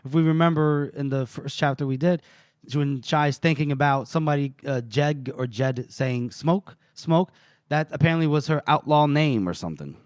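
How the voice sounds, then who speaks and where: Male podcast co-host, fairly high, dry mic; chatty recap that slips into brief put-on voices, laughs a lot. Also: smooth, no echo. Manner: retells scenes with quick put-on voices, laughs often. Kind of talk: casual book-club recap.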